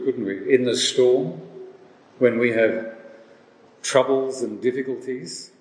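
A man preaching a sermon slowly and deliberately, asking rhetorical questions. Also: medium pitch, darkish tone. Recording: roomy with long reverb.

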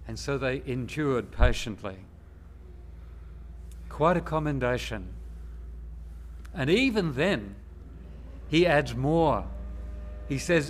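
A man preaching a sermon in a slow, measured, emphatic way, with long pauses between phrases. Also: medium pitch, expressive, slight background noise.

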